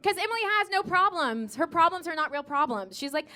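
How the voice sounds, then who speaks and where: A woman's voice: extremely high pitch, lively intonation, bright, forceful tone. An American woman in her thirties doing a stand-up comedy set, with sassy asides and gushing put-on voices for the people she quotes. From United States. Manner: sassy, rapid asides with frequent okays. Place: comedy club stage with a live audience.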